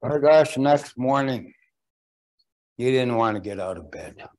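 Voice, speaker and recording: Male storyteller, folksy oral telling with laughing asides, mid pitch. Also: expressive, unhurried, a little mellow.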